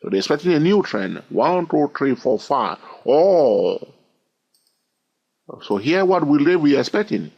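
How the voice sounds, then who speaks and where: Husky, animated male trading teacher. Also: fairly high pitch, measured pace, muffled recording. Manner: repetitive, keeps asking "all right?"; counts wave numbers aloud in a sing-song way. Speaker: trading instructor. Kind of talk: recorded chart lesson.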